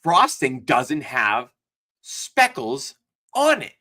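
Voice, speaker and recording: Animated man with a bright voice. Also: mid-range voice, very slow. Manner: animated, profane storytelling. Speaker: podcast co-host. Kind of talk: casual chat.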